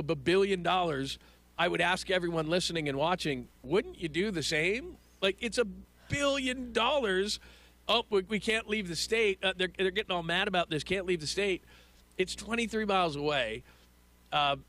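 Male host, animated, opinionated, bright and fairly high voice. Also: no room sound. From Los Angeles. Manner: animated, opinionated, stammers when excited. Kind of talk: casual sports talk.

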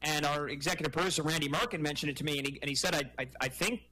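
Bright-voiced male sports radio host. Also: a little high, rapid-fire, low-quality recording. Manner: energetic, conversational.

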